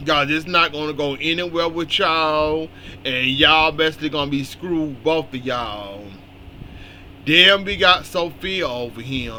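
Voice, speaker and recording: A man's voice: fairly high pitch, slow pace, pushed and bright, slight background noise. A man in casual spoken commentary, recapping a soap opera and scolding its characters bluntly.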